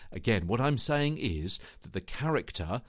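A man's voice: medium pitch, sing-song, normal speed, dry recording, studio quality. A man hosting a solo podcast, teaching voiceover in a conversational way, often checking in with the listener and repeating words as he restarts. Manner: conversational, asks the listener frequent "yeah?" checks. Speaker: podcast host and voiceover coach.

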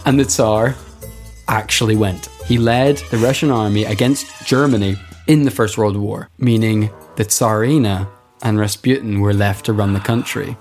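A man with a fairly low voice tells a historical story in a relaxed, joking way. A little background music sits faintly under his voice. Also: moderate pace. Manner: laid-back, laughs along, retells events with put-on quotes. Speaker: podcast co-host telling a history story. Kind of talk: casual storytelling chat.

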